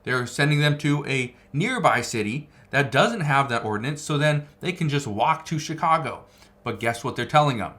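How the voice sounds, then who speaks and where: A man's voice: medium pitch, expressive, normal speed, a bit bright. A man giving political news commentary, reading out articles and stressing his points by repeating phrases. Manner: emphatic, repeats key phrases.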